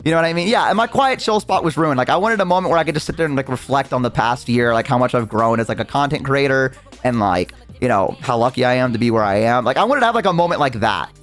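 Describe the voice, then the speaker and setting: A man's voice: mid-range voice, lively intonation, fast talker, hardly any pauses, a bit bright, soft background music. A young adult man, a streamer, telling a story in a rambling casual way, full of fillers and swearing.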